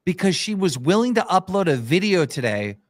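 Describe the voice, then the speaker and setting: A man's voice: high voice, brisk. A man hosting a live show, talking to his chat. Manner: addressing chat, animated.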